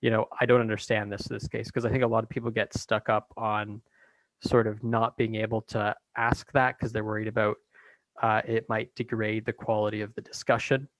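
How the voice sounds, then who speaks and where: A man talking as a guest in a casual conversation, hesitant with many pauses and restarts. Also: fairly low pitch, flat delivery, fairly bright tone, no echo, rough recording.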